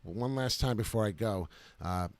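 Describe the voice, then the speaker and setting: A man giving brash, excited live commentary to viewers while trading crypto on charts. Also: lowish voice, normal speed, no echo.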